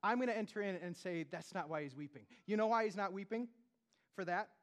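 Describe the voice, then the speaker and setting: A man preaching a sermon as pastor, in a chatty, conversational way full of asides and questions to the congregation, swinging between loud emphasis and hushed tones. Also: high voice, fairly quick. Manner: conversational, peppered with "like" and "right?".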